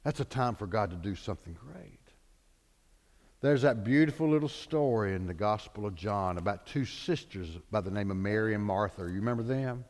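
Animated preacher in a reverberant hall. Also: male voice, lowish voice, moderate pace. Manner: dramatic preacher, voices the people in the stories. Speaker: pastor. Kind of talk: sermon.

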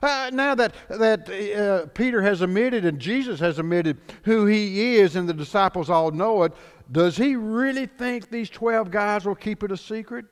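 A man preaching a sermon as pastor, animated, swinging between loud declarations and hushed lines. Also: high voice, normal speed, smooth, big-room sound.

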